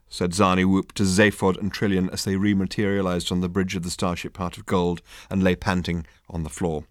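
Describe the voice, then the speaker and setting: A man reading an audiobook in a wry, measured storytelling voice. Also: low-pitched, flat delivery, dry recording, clean studio sound. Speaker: audiobook narrator. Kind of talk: scripted narration.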